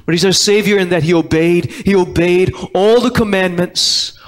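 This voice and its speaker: A pastor with a high voice delivers a sermon at a moderate pace inside a church sanctuary. His emphatic style leans on repeated key words, and he quotes the Bible in archaic King James language.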